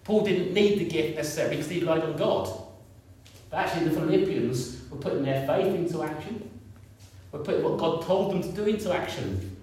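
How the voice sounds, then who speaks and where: A man's voice: a little high, fairly quick, mellow. A man in his fifties preaching a sermon in a conversational way, repeating points and asking the congregation questions. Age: 50s. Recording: echoey room, picked up from a distance.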